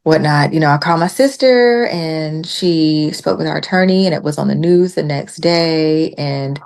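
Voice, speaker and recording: A woman guest on a podcast, telling a story in casual chat and acting out the quotes with lively jumps in her voice. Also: deep voice, moderate pace, gravelly. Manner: animated retelling with acted-out quotes.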